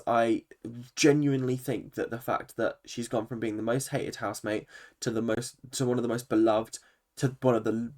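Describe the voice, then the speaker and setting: A man, a vlogger giving an opinionated, swear-laden recap of a reality TV episode. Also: medium pitch. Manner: animated, opinionated, swears freely. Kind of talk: ranting reaction commentary.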